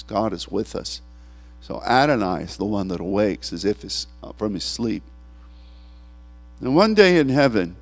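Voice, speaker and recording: A man preaching a sermon as a pastor, animated and tearful, laughing at times and acting out the voices he quotes. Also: lowish voice.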